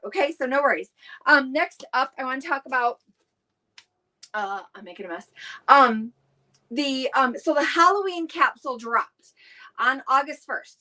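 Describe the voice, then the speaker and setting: Woman, middle-aged, live-stream host, chatty, rambling, high pitched. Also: a bit bright. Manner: rambling, with many fillers and restarts, greets commenters. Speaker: direct seller hosting a weekly live stream.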